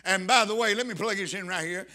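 Fervent high-voiced male preacher. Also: fast talker, sharp tone. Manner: preaching with fervent emphasis and scripture reading. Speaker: pastor. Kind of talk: sermon.

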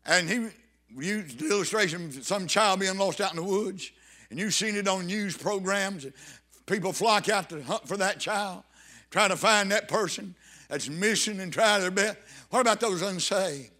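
A man's voice: high voice, moderate pace, pushed and bright. A man preaching a sermon, fervent and emphatic, repeating phrases for weight. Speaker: pastor.

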